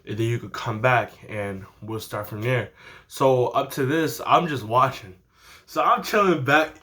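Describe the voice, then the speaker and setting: Teen dude rambling a story time, lots of "yo" and "bro", mid-pitched voice, laughs a lot. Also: male voice. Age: teens. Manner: animated, slangy, laughs often. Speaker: vlogger.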